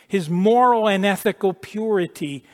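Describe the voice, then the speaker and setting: A man preaching a sermon with emphasis, repeating words and dropping to a hush at key points. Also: sits high, moderate pace. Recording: long echo of a large hall.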